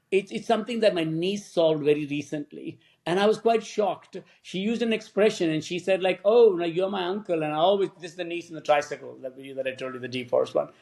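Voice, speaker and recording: A man in his fifties or sixties, a film director guest on a podcast, telling lively stories, acting out quoted dialogue and laughing often. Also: high-pitched, brisk, gravelly. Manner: animated storyteller who acts out quoted dialogue; laughs often while talking. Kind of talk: podcast interview storytelling.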